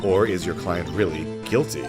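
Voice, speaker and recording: A man voicing a calm female mentor lawyer in a video game, guiding and steady. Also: low voice, normal speed, loud music behind the voice, lightly acted.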